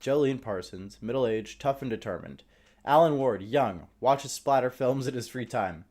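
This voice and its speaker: A man's voice: medium pitch, moderate pace, a little mellow. A man reading a screenplay aloud on a live stream, with a casual manner and offhand asides.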